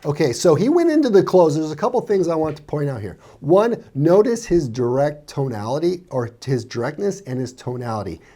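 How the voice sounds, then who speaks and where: A man with a warm, mellow voice that swings up and down a lot as he talks, running through numbers and sales tactics in lively commentary. He often slips into quick impressions of clients. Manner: animated, acts out buyers' lines in a higher voice. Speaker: real estate coach reacting to a sales call. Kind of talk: commentary on a played clip.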